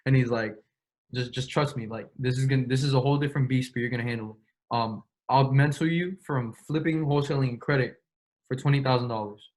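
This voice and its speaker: A young man speaks as an interview guest, recounting events in loose, slangy talk. He swears freely and acts out both sides of conversations. His voice sits at an ordinary middle pitch. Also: darkish tone. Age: young adult. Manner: slangy, profane, quick retelling with quoted dialogue. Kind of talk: casual storytelling.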